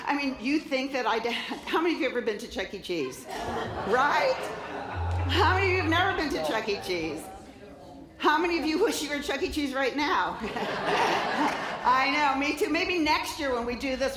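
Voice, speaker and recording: A woman in her fifties telling a lively, laughing story as a keynote speaker. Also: fairly high pitch, reverberant, slight background noise. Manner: animated, laughing, acts out voices in quotes. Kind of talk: storytelling talk to a live audience. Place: conference stage.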